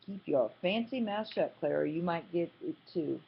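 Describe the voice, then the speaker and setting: A drunk young gunman threatens in a slow, menacing drawl, as a woman reads him in an audiobook. The voice is low and husky, and the audio slightly muffled. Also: expressive, full character voice. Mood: threatening.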